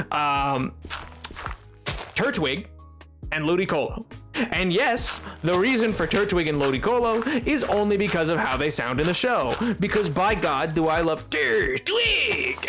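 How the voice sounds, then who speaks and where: A man's voice: sits high, fairly bright tone. A man chatting casually on a game stream, rambling and giggly with lots of fillers. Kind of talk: casual live-stream chat.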